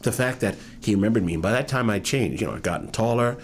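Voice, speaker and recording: A man in his fifties tells stories from his life in an oral history interview. His voice sits low but swings widely in pitch as he acts out the people he quotes. Faint room noise lies underneath. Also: expressive, quick pace. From New York. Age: 50s.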